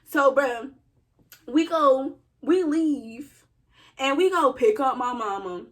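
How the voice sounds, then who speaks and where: A young woman co-hosting a vlog, telling a family story in an animated, joking, slangy way. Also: high-pitched, slow pace. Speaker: vlog co-host. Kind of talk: casual storytime chat.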